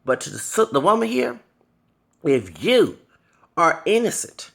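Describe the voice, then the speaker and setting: A fairly high, gravelly male voice rants in an angry monologue. He curses constantly and keeps stopping to apologize for it. He sounds like a man in his thirties venting to his viewers. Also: huge pitch swings, slow pace, fairly bright tone. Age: 30s. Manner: heated, profane, ranting, with repeated apologies for cursing. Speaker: vlogger.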